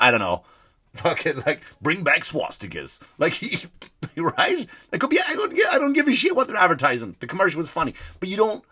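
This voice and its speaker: A man's voice: fairly high pitch, sharp tone, no echo. A man hosting a comedy podcast, ranting profanely and firing off rhetorical questions. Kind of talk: comedic rant.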